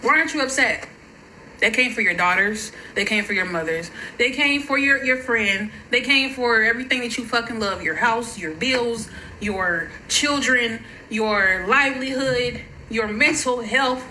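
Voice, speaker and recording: Woman, angry vlog rant, high bright voice, profane, faint noise behind. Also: unhurried, poor audio. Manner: furious, profane, shouting in bursts. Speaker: social media creator.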